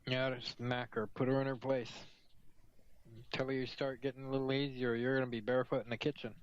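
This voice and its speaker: A man's voice: mid-range voice, level tone, fairly quick, smooth. A man chatting casually over a phone call on a headset, joking and rambling between yawns. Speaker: call-in guest on a stream. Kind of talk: casual chat. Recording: dull lo-fi phone call audio.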